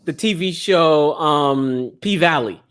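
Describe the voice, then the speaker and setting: A man hosting a casual podcast chat, excitable and laughing often, his voice jumping up when he gets going. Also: fairly high pitch, slow pace, clean tone. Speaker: host.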